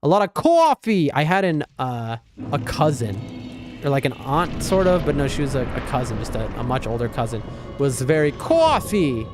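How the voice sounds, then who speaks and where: A man's voice: medium pitch, moderate pace. A man from the East Coast of the United States, a gaming streamer rambling in casual chat with his viewers, whom he calls folks. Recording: game music under the voice. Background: game music.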